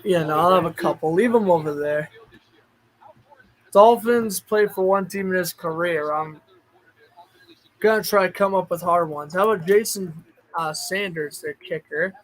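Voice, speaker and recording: High-voiced chatty male streamer. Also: moderate pace, long pauses, poor audio. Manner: chatty, thinks aloud, bursts of excitement. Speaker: streamer host. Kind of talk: casual livestream chat.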